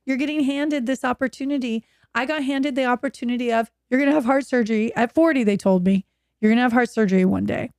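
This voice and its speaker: A woman's voice: on the high side, quick pace, no room sound, clean studio sound. A woman in her fifties from Oregon, a podcast guest telling her own story candidly on a video call and acting out quoted voices. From Oregon, USA. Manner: animated, acts out quoted voices.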